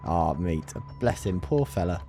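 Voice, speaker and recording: A man with a very deep, mellow voice bantering in a film review chat. He talks sympathetically and casually, with faint music underneath. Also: animated, a little slow, creaky.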